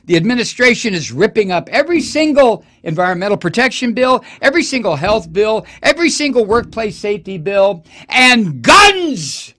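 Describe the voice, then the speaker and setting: A man's voice: high-pitched, big pitch swings, moderate pace, few pauses, pushed and bright. A man hosting a political talk radio show, delivering an impassioned, profane and sarcastic monologue.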